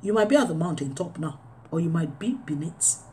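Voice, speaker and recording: A woman preaching a sermon, swinging between loud urging and low, quiet lines. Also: expressive, fairly quick, slight background noise.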